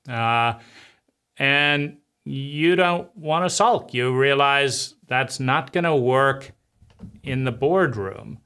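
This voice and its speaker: A man giving an animated teaching talk, acting out inner voices and scenes with repetitive, rhetorical phrasing. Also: mid-range voice, slow pace, clean tone. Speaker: teacher of a personal-growth channel.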